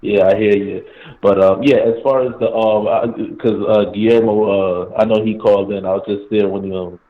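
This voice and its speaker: A man in his late thirties calling into a sports show, relaxed and hesitant, with frequent fillers. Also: lowish voice, normal speed. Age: 30s. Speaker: caller. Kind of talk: phone-in sports talk. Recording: echoey tinny phone line.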